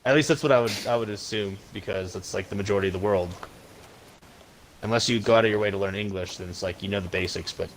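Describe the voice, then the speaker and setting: A man's voice: lowish voice, fast, slight background noise, rough recording. A man co-hosting a podcast, talking in a rambling, opinionated casual way. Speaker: podcast co-host. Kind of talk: casual chat.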